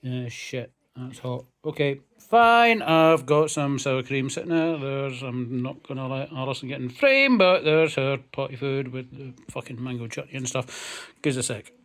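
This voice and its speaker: A man's voice: mid-range voice, moderate pace, hardly any pauses, fairly bright tone. A Scottish man narrating his home cooking in a laid-back, casual way, with frequent fillers and swearing. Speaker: home cook and channel host.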